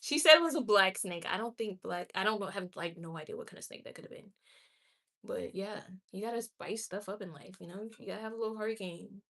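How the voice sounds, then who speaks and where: Gravelly, pushed and bright, this woman's mid-range voice belongs to a livestreamer chatting casually. She's chatty and candid as she responds to viewer comments, tossing out quick laughs and exclamations.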